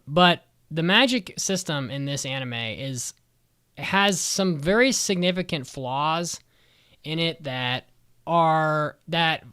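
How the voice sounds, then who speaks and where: A man's voice: on the high side, sharp tone, clear, resonant tone, dry recording, clean studio sound. Swearing, ranting male podcast co-host. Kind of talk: casual chat, anime review.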